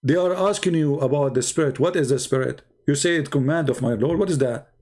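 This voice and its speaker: A man with a fairly high voice delivers a sarcastic, combative monologue on his own stream. He mocks and challenges his opponents, drops into slow deliberate asides, then jumps up into exasperated outbursts. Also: darkish tone. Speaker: live-stream religious debater. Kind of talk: polemic monologue.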